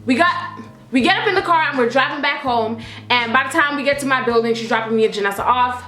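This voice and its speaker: A young woman telling a storytime vlog in an animated, slangy, profane way. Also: high-pitched, fairly quick. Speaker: vlogger. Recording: roomy echo, faint music.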